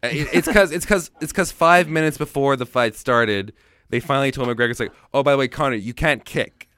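Fast-talking, smooth-voiced podcast co-host. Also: male voice, mid-range voice, fairly bright tone, dry recording. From Montreal, Canada. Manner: joking, stammering restarts. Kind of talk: casual banter.

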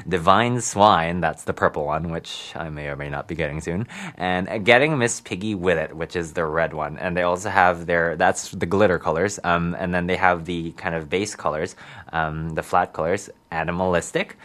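Guy hosting community radio, really deep voice, giggly and rambly, lots of ums. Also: moderate pace, fairly bright tone. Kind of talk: casual radio chat.

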